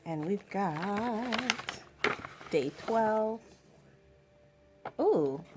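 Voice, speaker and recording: A woman's voice: medium pitch, expressive, very slow, over music. A young woman vlogging at home in a casual, rambling chat with lots of fillers.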